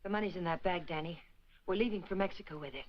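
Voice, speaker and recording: An actress playing a cool, greedy femme fatale with a clipped, determined delivery, in 1940s film noir style, from an old film soundtrack. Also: female voice, lowish voice, quick pace, muffled recording, lightly acted. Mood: cold.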